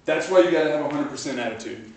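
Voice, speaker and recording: A man's voice: fairly high pitch, rapid-fire, darkish tone. Man giving a pumped-up motivational talk. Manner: storytelling, building to pumped-up exhortation. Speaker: motivational speaker. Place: large room with a live group. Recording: echoey room from a far camcorder.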